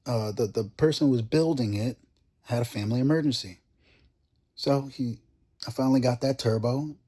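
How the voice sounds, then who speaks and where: A young man vlogging about his car, telling a long story in a casual rant and acting out the conversations he quotes. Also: medium pitch. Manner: animated, acts out quoted conversations.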